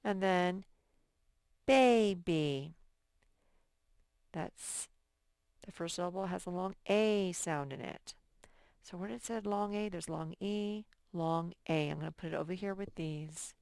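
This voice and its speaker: A woman's voice: fairly low pitch, fairly even intonation, gravelly, a little mellow, clean tone, no echo, clean studio sound. A woman teacher giving a recorded phonics lesson to young children, patient and thinking aloud as she works. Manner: slow, patient, thinks aloud while sorting words.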